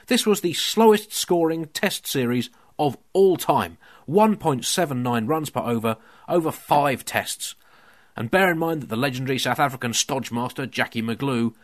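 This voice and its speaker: A man hosting a comedy podcast, delivering a scripted monologue in a dry, mock-serious way. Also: mid-range voice. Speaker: podcast host. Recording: music playing underneath.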